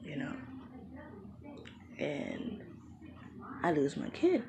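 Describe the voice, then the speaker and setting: A woman's voice: deep voice, big pitch swings, very slow. A young woman telling a personal story in a frank, profane, casual way, full of trailing fillers. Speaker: vlogger. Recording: noisy background hiss.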